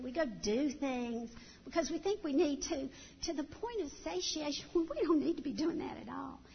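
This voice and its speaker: A middle-aged woman telling animated, folksy stories to a church audience, recorded in a church hall. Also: sits high, slight background noise. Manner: animated, folksy storytelling with acted-out voices. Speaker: church speaker. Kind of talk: storytelling talk to a church audience. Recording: dull sound in a long-reverb hall.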